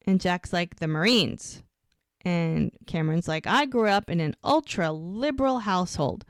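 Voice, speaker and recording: A woman's voice: on the low side, a little slow, clear, resonant tone, dry recording. Woman podcaster chatting, acts out every line, dry close sound. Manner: animated retelling, acting out lines of dialogue. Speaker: podcast co-host recapping episodes. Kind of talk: casual chat.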